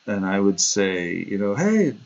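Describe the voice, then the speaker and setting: Chatty low-voiced man on a dull stream. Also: lively intonation, a little slow. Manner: chatty, digressive, laughs at himself, acts out quoted voices. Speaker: livestream host. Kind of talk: casual rambling livestream talk.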